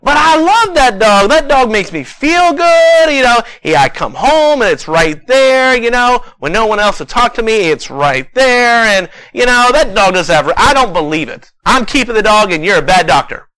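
A man voicing a stubborn farmer who pleads and argues to keep his dog, his voice rising high and upset. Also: sing-song, normal speed, hardly any pauses, sharp tone, dry recording, full character voice, low-quality recording. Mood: pleading defiant.

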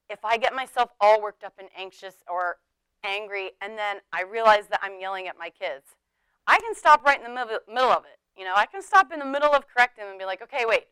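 A woman's voice: on the high side, pushed and bright, clean tone, no echo, rough recording. A middle-aged woman teaching a sermon in a chatty way, laughing often and acting out the people she quotes. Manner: conversational, laughing, acts out quoted speech.

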